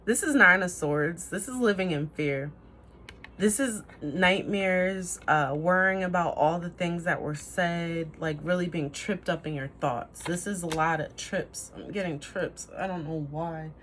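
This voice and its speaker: A woman's voice: sits low, normal speed, few pauses, slight background noise. A woman giving a casual tarot reading to camera, rambling, trailing off and laughing at herself. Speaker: tarot reader.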